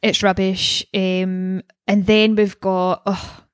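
A young woman co-hosting a podcast chats casually while recapping a TV episode, swearing freely and acting out lines. Her medium-pitched voice is clear and resonant, delivered flatly and slowly. The recording is dry and studio quality.

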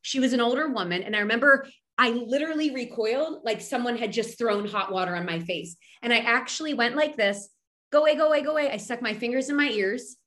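In a casual podcast interview, a middle-aged medium from Philadelphia talks fairly quickly in a fairly high, fairly bright voice. Her speech is chatty and full of restarts and fillers.

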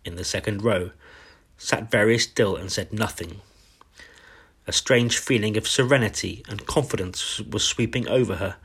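Husky man reading a bedtime story. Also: fairly low pitch. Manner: slow, warm and tender.

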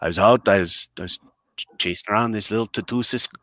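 A man from Canada, telling a comedic story in a rambling, blunt and profane way, breaking into shouted impressions. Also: fairly low pitch, quick pace, no room sound, clean studio sound.

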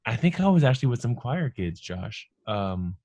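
A man's voice: medium pitch, very animated, moderate pace, dark tone, no echo. A man in his thirties, a married father, talking casually and reflectively on a podcast, in long earnest phrases. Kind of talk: casual chat.

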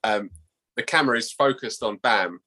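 Bright-voiced man, rambling chat. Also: mid-range voice. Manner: rambling, halting, laughs while talking. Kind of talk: casual chat.

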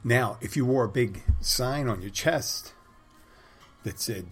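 A man's voice: medium pitch, a little slow, fairly bright tone, breathy edge, faint music behind. A middle-aged man rambling through a casual monologue, with wry, digressive, crude humor.

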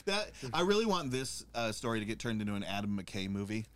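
Animated, joking young man co-host. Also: fairly low pitch, brisk, clean tone, no room sound. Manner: animated, swearing, jokey, breaks into silly voices. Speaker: podcast co-host. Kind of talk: casual chat.

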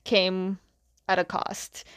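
A woman's voice: mid-range voice, monotone, takes it slowly, a bit bright, clean tone, no echo, studio quality. A woman voicing an earnest, anxious young prince who talks hesitantly.

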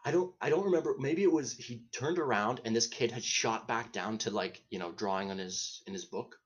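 With a mid-range voice and a brisk delivery, a man hosting a podcast rambles through a funny, profane story, frequently interrupting himself and laughing along. The highs are cut off in the audio.

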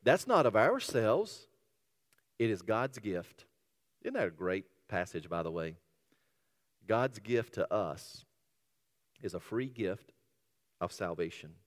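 A man's voice: on the low side, big pitch swings, slow pace, pauses often. A pastor preaching a sermon, emphatic and repetitive, asking his listeners rhetorical questions. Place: church sanctuary. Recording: long hall reverb.

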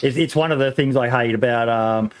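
A man's voice: medium pitch, fairly quick. An Australian man hosting a podcast, chatting casually with lots of filler words and swearing. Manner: swears freely, lots of ums and laughs. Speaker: podcast host.

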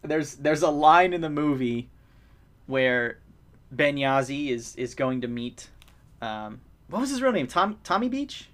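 Animated man retelling movie scenes. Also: mid-range voice, unhurried, pauses often. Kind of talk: casual chat.

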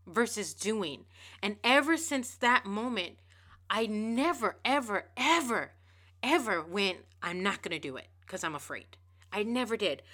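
Brief: woman in her thirties, podcast host, bright voice, candid, animated storyteller. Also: a little high. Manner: candid, animated, swearing freely. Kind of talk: casual storytelling monologue.

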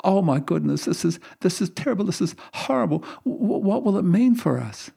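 Frantic shrill wife, a guy doing the voice in a told joke, gravelly underneath. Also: steady tone, moderate pace, dark tone. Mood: horrified. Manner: panicky, rising pitch. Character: frantic distraught wife at hospital.

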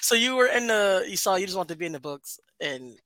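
A woman's voice: mid-range voice, lively intonation, fairly quick, fairly bright tone, no room sound. A young woman hosting a podcast in casual chat, telling stories animatedly and acting out quotes. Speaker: podcast host.

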